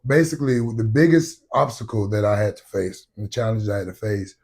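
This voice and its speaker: A young adult man, an actor guest on a casual podcast, telling stories in an animated, joking way and sometimes breaking into loud shouts. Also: fairly low pitch, fairly quick, creaky. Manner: animated storyteller who jokes and bursts into loud shouts.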